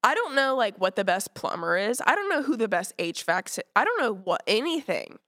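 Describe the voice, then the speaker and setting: A woman's voice: medium pitch, sing-song, fairly quick, a bit bright, no echo, studio quality. A woman hosting a podcast, chatting casually, rambling and swearing freely. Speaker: podcast host.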